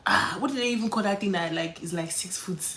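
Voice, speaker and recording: A woman's voice: fairly low pitch, fast, fairly bright tone, a little hiss or hum. A woman, chatting animatedly while doing her makeup on a livestream, full of quoted voices and laughter. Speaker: beauty livestream host.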